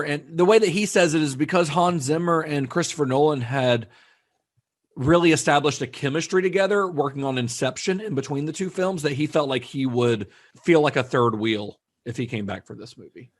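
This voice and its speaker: A man's voice: on the high side, normal speed. A man co-hosting a casual film discussion podcast, chatty, with frequent fillers and restarts. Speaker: podcast co-host.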